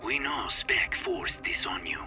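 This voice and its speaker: A secretive rescuer speaks in an urgent, breathy whisper with the slightest Hispanic accent, put on by a male horror narrator. His voice sits in an ordinary middle range, low and quiet. Faint music plays underneath. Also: wildly swooping pitch, measured pace, full character voice. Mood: hushed warning. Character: mysterious adult man speaking through a robot.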